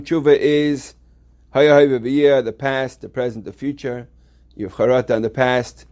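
A man's voice: mid-range voice, darkish tone. A man teaching a yeshiva Torah class, explaining step by step with many restarts and reading Hebrew texts aloud.

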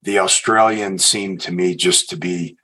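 A man hosting a podcast interview, asking questions in a measured, affirming way. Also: low-pitched, fairly even intonation, bright, forceful tone, low-quality recording. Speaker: podcast host.

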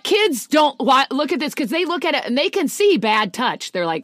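A woman's voice: high voice, sing-song, moderate pace, few pauses, fairly bright tone, no room sound, studio quality. A woman co-hosting a comedy podcast, playful and mock-indignant, laughing a lot. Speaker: podcast co-host. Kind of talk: casual comedic chat.

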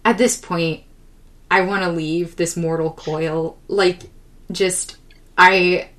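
A young woman hosting a podcast, telling a comic story in an exasperated, profane, animated way. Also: on the low side, takes it slowly. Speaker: podcast host. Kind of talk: casual comedic storytelling.

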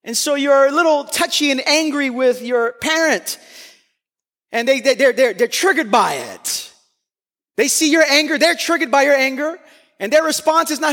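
High-voiced man preaching in echoing hall. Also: moderate pace. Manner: earnest and emphatic, rising to near-shouts on key points. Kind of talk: sermon. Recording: long hall reverb.

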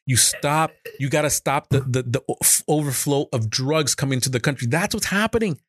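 A man's voice: mid-range voice, steady tone, normal speed, no echo, studio quality. A man hosting a political podcast, talking heatedly and emotionally with stammering restarts and swearing. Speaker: podcast host.

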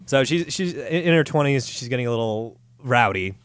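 A man's voice: mid-range voice, lively intonation, fairly quick, no echo. A man hosting a podcast, telling a story in a crude, sarcastic, profane way. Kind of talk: casual comedic storytelling.

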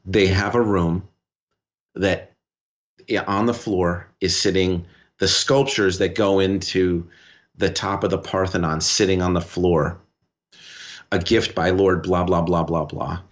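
A man co-hosting a podcast, telling a story in a rambling, animated way with lots of restarts. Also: low voice, measured pace, muffled recording. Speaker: podcast co-host. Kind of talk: casual podcast conversation.

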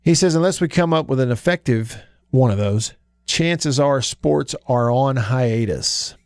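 A man's voice: mid-range voice, no room sound. Man, sports radio host, folksy chatty talk, dry close studio sound. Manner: folksy, chatty, with drawn-out emphasis. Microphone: studio microphone.

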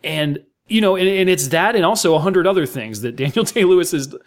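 A man's voice: high voice, animated, brisk. An American man, a guest on a podcast, talking about a film with emphatic enthusiasm and many fillers. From United States. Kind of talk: casual film discussion.

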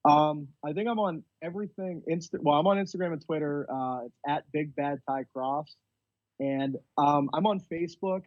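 Laid-back male guest, a touch higher pitched, dry but slightly dull-sounding mic. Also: normal speed, dry recording. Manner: easygoing, says "man" often. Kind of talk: casual chat.

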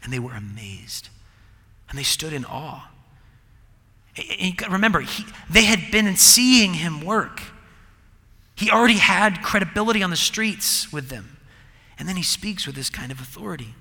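A man preaching a sermon, emphatic, moving between loud declarations and quiet asides. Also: sits high, animated, normal speed, long pauses. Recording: long reverb of a large hall.

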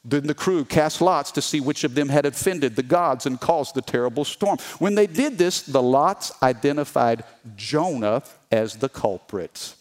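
A man preaching a sermon as a pastor, animated and humorous, reading scripture aloud and calling on the congregation to answer. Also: mid-range voice, a little slow, hardly any pauses. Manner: reads scripture aloud with voiced characters.

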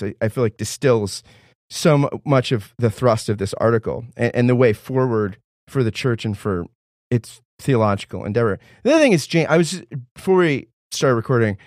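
Man, podcast guest, casual chat, animated, restarts often, dry close mic. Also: medium pitch, dry recording. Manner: animated, restless with many restarts.

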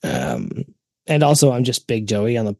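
A man co-hosting a podcast in casual chat, animated and laughing often, swearing freely. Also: on the low side, normal speed, gravelly, no room sound. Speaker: podcast co-host.

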